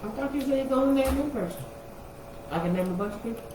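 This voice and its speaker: A woman co-hosting a casual live chat, talking in dry, mumbled deadpan asides. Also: sits high, racing. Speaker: co-host of a live chat show. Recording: distant echoey mic with noise.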